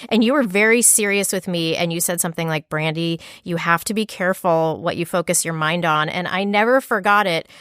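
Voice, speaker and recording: Woman podcast host, low-pitched and dry. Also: fairly quick, few pauses, fairly bright tone, clean tone, no echo. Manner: self-deprecating, laughs often. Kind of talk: casual interview chat.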